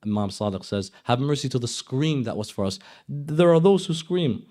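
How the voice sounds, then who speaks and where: A man preaching at a mourning gathering, moving between impassioned English teaching and chanted Arabic recitation, often dropping to a hushed, grieving tone. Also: mid-range voice, animated, normal speed. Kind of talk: sermon. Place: Islamic center hall, live gathering.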